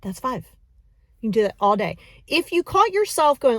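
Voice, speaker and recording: A woman's voice: fairly high pitch, big pitch swings, no room sound. Woman walking you through breathing, chatty and encouraging, dry close mic. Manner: encouraging, chatty, counts slowly. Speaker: breathing coach. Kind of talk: casual guided breathing lesson.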